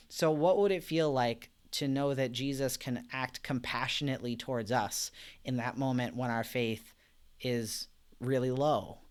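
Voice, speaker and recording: Reading out comments from viewers, a man hosts a live-streamed Bible study in a relaxed, conversational style. His voice is medium-pitched, and he's gentle and reflective, with plenty of fillers and soft laughter.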